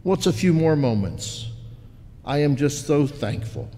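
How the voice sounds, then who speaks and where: A man's voice: a little high, very animated, a little slow. A man voicing a grateful, devout woman at heaven's gate in a sermon story, with long church reverb. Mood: thankful. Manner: warm, thankful.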